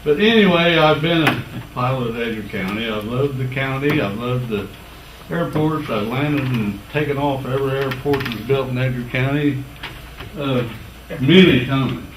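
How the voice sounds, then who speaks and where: Rambling man in his eighties, distant and echoey. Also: mid-range voice. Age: 80s. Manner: rambling and folksy, with halting restarts. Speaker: public commenter. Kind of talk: spoken public comment at a county board meeting. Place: meeting room. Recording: echoey room, distant mic, noisy.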